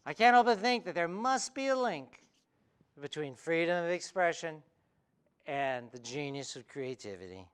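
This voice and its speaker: A middle-aged cartoonist giving a humorous talk to an audience, playful and quick-witted with wry asides. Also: male voice, on the high side, animated, clear, resonant tone. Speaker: cartoonist and speaker. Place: event hall before an audience.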